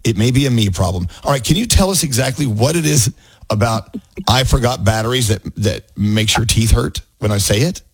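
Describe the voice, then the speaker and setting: A middle-aged man hosts a radio talk show with casual, animated banter. His voice has a lively, swinging pitch and a faintly husky edge. It sounds close and dry, with little room around it. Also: fairly quick, no room sound. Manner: animated, laughs often, talks with restarts.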